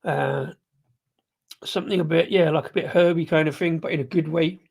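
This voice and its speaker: A man with a slightly high, husky, darkish voice and a steady tone speaks at normal speed while hosting a casual live beer review. He rambles and hesitates, full of ums, restarts and self-corrections, sipping and tasting the beer as he talks.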